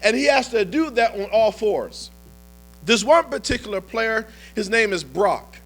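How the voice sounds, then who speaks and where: A man preaching a sermon as pastor, telling a story and building to impassioned shouts. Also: sits high, sing-song, measured pace.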